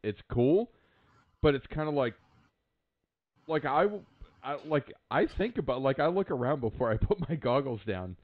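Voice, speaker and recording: A man's voice: mid-range voice, normal speed, long pauses. Profane storytelling man, tinny line. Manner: profane, animated storytelling with acted quotes. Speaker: podcast co-host. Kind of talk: casual chat. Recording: phone-like narrow sound.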